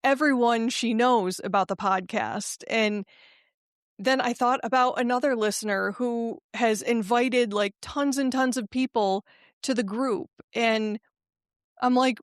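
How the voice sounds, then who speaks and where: A woman hosting a motivational podcast, speaking in an emphatic, affirming way that turns halting and emotional when she gets personal. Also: fairly high pitch, no room sound, studio quality. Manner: slow, emphatic, affirming delivery. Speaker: podcast host and life coach.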